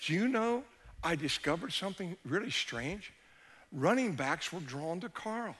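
High, bright animated male preacher. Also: unhurried. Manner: animated storyteller, shifts between hushed and shouting. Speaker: pastor. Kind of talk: sermon storytelling.

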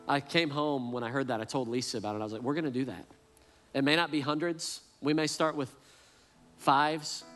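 A pastor preaching in a mid-pitched male voice that sounds neither high nor low. He talks earnestly and often doubles back on his words mid-thought. His voice rings out with a long reverb, as if in a large church hall. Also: a bit bright. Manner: earnest, repeats words as he restarts. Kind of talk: sermon.

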